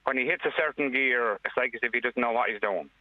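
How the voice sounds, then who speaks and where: An Irish father speaking earnestly on a radio phone-in, with plain, halting restarts. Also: medium pitch, no room sound. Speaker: caller, father. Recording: dry tinny phone line.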